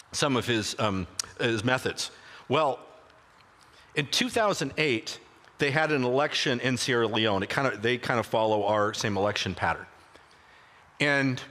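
Bright-voiced preacher in a reverberant church. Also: male voice, medium pitch. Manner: animated anecdotal retelling with frequent restarts. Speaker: pastor. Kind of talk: sermon storytelling. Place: church sanctuary. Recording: long reverb of a church hall.

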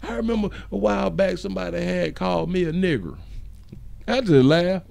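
Male live-stream host, high and raspy, joking, chuckles between reading comments. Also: normal speed, a little mellow. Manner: chuckles often, loose and joking. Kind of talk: casual live-stream chat, reading viewer comments aloud.

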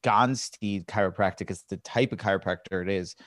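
A comedian guesting on a podcast, telling stories eagerly in casual chat with lots of filler words. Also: male voice, low voice, fairly quick, no echo, studio quality. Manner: enthusiastic storyteller, heavy on "like" fillers.

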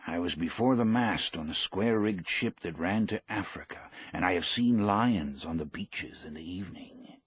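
A man reading the part of an elderly, proud, gentle fisherman, speaking plainly and quietly. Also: low-pitched, lively intonation, normal speed, few pauses, slightly rough, full character voice.

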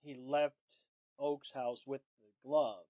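A man's voice: mid-range voice, steady tone, slow pace, warm tone, no echo. Dry-joking podcast guy, dead dry sound. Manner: dry, joking, swears casually. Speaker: podcast co-host. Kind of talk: casual chat recapping an episode. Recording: dry, dull lo-fi audio.

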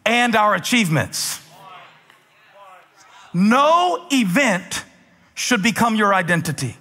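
A pastor from South Carolina preaching a sermon, emphatic and energetic, rising to shouts. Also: male voice, sits high. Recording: long reverb of a large hall.

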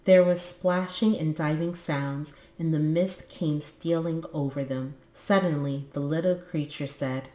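A woman with a low voice reads a children's book aloud, breaking off now and then for casual, musing asides. The room around her is echoey. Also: fairly even intonation, unhurried, few pauses, warm tone. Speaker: book channel host.

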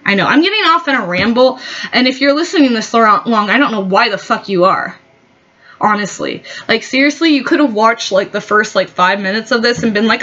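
A woman with a fairly high voice rants to camera, heated and full of swearing, circling back over her points as she rambles. The recording sounds dull and lo-fi. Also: expressive, moderate pace, pushed and bright. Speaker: vlogger. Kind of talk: rambling opinion rant.

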